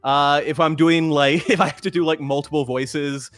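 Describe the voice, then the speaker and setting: A man's voice: fairly high pitch, steady tone, normal speed, a bit bright, dry recording. A man who voice acts, a guest chatting casually over a voice call, swearing freely and laughing often. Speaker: guest voice actor. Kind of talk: casual chat.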